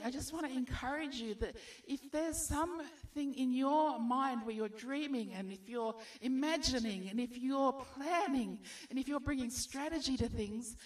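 A woman's voice: sits high, recorded from a distance. A woman preaching a sermon, encouraging her listeners with rhetorical questions.

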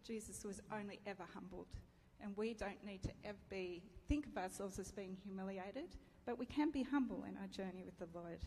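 Here a middle-aged woman preacher tells a candid personal story during her sermon, laughing often and joking at her own expense. Her mellow, medium-pitched voice moves fairly quickly with few pauses. A reverberant hall, faint ambience, and a slight hiss or hum color the recording.

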